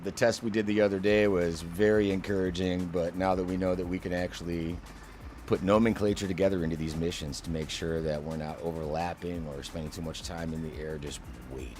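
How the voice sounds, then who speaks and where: A man's voice: sits low, steady tone, fairly quick, a little mellow, a little hiss or hum. A man hosting a flight simulator session, chatting with a co-pilot and explaining missions with enthusiasm. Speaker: flight sim channel host. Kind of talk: casual co-op flight sim chat.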